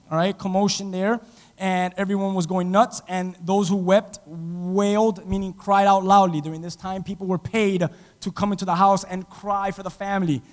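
High-voiced preaching man in a reverberant hall. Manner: dramatic, swings from loud to hushed, acts out quotes. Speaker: pastor. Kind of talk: sermon. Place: church.

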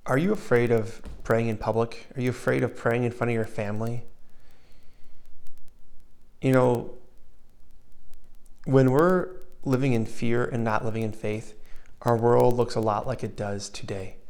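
A man preaching a sermon in an earnest way, dropping to a soft hush when he voices comforting words and rising again for emphasis. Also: mid-range voice, steady tone, unhurried, pauses often. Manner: earnest, shifts between loud emphasis and soft hushed asides.

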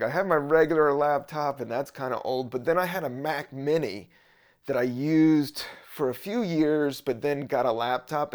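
A man from Southern Virginia hosting a podcast, rambling casually in a laid-back, profane monologue. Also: medium pitch. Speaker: podcast host.

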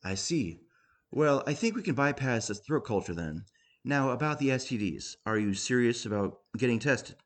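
A man voicing a falsely cheerful male doctor who talks in a bright, sing-song way. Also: medium pitch, expressive, normal speed, close to an everyday voice. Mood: chirpy.

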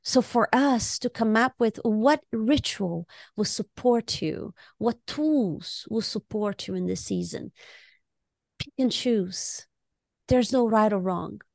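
A woman podcast co-host and music therapist, talking in an expressive, heartfelt way and often repeating words as she starts a thought. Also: on the high side, takes it slowly, vocal fry, no room sound. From Latino community. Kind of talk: casual conversation.

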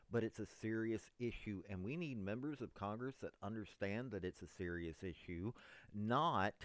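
A man delivering an unscripted political monologue, emphatic, addressing his listeners as ladies and gentlemen. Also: fairly low pitch, no room sound. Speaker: political commentator.

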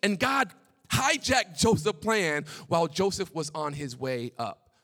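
High, bright-voiced young male preacher. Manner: animated preaching, drops to hushed tones for God's words. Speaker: pastor. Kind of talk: sermon.

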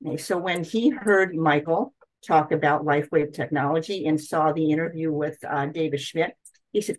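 A middle-aged woman with a somewhat low voice, sharing her own experience as a guest doctor on an interview show. She tells it as a story and livens up when she quotes other people. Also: normal speed, rough recording. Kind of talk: personal testimony in an interview.

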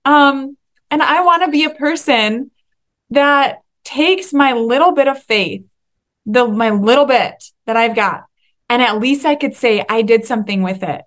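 Young woman, solo podcast host, excitable and emphatic, slightly high voice. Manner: excitable, emphatic, laughs and gets teary. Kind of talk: solo faith-based podcast monologue.

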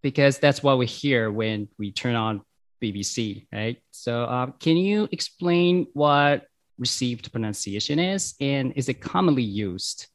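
A male interviewer asks his questions hesitantly, with fillers before getting to the point. His voice sits at a middle pitch and sounds dry and close to the mic. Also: lively intonation, a little slow, no room sound.

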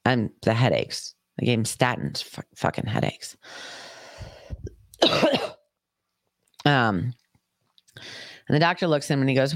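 A woman's voice: rumbling low, animated, a little slow, long pauses, no room sound. A woman podcast host telling a personal story in a casual, swearing, chatty way. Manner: profane, chatty, acts out quoted voices.

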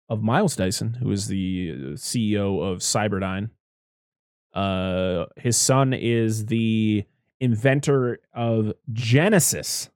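A man's voice: fairly low pitch, a little mellow, dry recording, studio quality. A man in casual podcast chat, rambling through a movie recap, swearing freely and acting out the characters' lines.

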